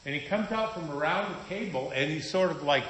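A man's voice: a little high, expressive, brisk, fairly bright tone, slight background noise. A man preaching a sermon in a conversational, storytelling manner with wry humor. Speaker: pastor. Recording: echoey room.

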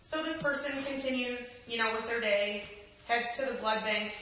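A woman reads an inspirational story aloud, earnest and gentle, her voice bright and a little high. She sits back from the microphone in a very echoey room, with a faint hiss of room noise behind her. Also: moderate pace, recorded from a distance.

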